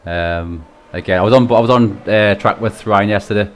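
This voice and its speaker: A man's voice: fairly low pitch, moderate pace. A man hosting a live stream and commentating a sim race, chatty, laughing often and swearing casually.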